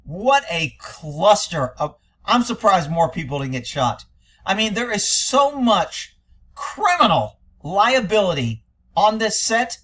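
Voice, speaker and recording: Scornful, blunt man with a high voice. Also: very animated, slow pace, a bit bright. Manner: profane. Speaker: commentator reacting to interview audio. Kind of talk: critical commentary.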